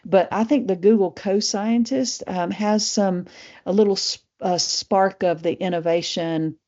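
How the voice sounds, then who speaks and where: A woman's voice: medium pitch, a little slow, mellow. A middle-aged woman with a Southern Appalachian accent, presenting a casual live webinar in a chatty way, full of fillers and restarts. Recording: muffled lo-fi webinar audio.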